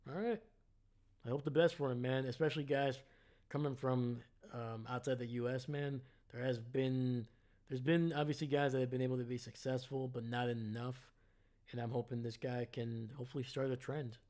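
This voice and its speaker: A man's voice: medium pitch, fairly even intonation, moderate pace, darkish tone. A tired man giving casual, rambling live-stream commentary to his chat, often correcting himself as he goes. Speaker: live draft reaction streamer.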